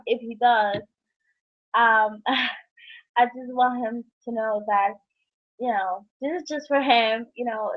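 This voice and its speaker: A young woman from New York City telling a heartfelt personal story in a rambling vlog, laughing often between thoughts. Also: medium pitch. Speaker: vlogger. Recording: tinny phone-like recording.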